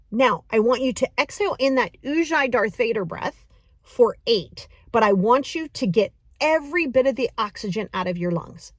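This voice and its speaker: A woman coaching a breathing exercise in a casual, encouraging, chatty way, counting slowly. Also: fairly high pitch, no echo, studio quality. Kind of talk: casual guided breathing lesson.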